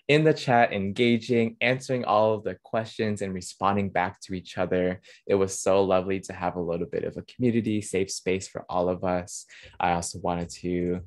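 A man's voice: low voice, no echo. A man hosting a panel webinar, thanking guests and making announcements over a video call mic. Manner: warm, emotional thanks and announcements. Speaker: webinar host.

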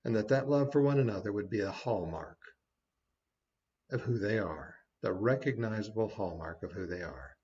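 A man's voice: fairly low pitch, normal speed, a little mellow, muffled recording. A man giving a short devotional sermon as a preacher, folksy and conversational with small asides.

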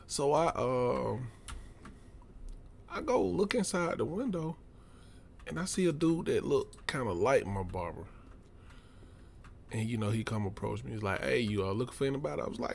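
A man's voice: lowish voice, expressive, measured pace, creaky, long pauses, a little hiss or hum. A man with a Southern US accent, chatting casually and drawling while playing a survival game on his channel. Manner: laid-back, chatty, drawling. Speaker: let's play gamer. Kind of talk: casual gaming commentary.

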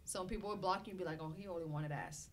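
A woman's voice: lowish voice, fast, noisy background. A woman co-hosting a casual podcast, laughing often and acting out quoted lines in banter. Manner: animated, laughs often, quotes people in little acted lines. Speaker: podcast co-host.

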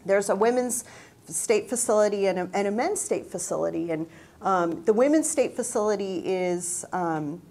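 A woman's voice: lively intonation, normal speed, darkish tone. Middle-aged woman telling personal stories. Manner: reflective, acts out quoted dialogue with raised pitch. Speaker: university staff speaker. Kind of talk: personal storytelling talk.

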